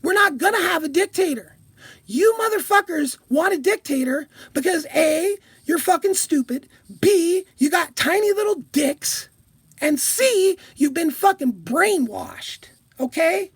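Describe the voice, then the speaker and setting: Furious, foul-mouthed woman with a very high voice. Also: lively intonation, measured pace, no echo. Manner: profane, heated, shouting at times. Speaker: vlogger. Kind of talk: angry political rant.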